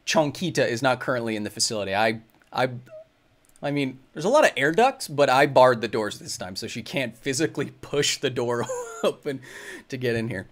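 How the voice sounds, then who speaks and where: Casting: male science host in his thirties, casual stream Q&A, rambling and thinking aloud, mid-pitched voice. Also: expressive, normal speed. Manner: rambling, thinks aloud with many fillers and restarts. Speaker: science video host answering viewer questions. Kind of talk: casual livestream Q&A.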